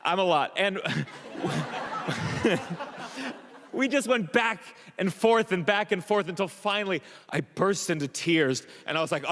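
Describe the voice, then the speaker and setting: Stand-up comedian, man with a higher voice, nervy self-mocking storytelling, stage reverb. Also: measured pace, long pauses. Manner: excitable, self-mocking, stammered restarts.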